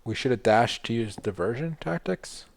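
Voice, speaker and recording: A man's voice: mid-range voice, animated, moderate pace, creaky. Laid-back man playing a board game. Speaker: player. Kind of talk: casual board game play over a stream.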